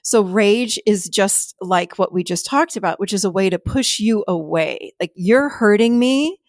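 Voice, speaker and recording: A middle-aged woman talks in a relaxed podcast chat, her voice sitting at an ordinary middle pitch. She tells her stories with animation and slips into laughter now and then. The sound is dry and close, with no room around it. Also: a little slow, no room sound. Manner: animated storytelling, laughs while talking. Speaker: podcast host and therapist. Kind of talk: casual chat.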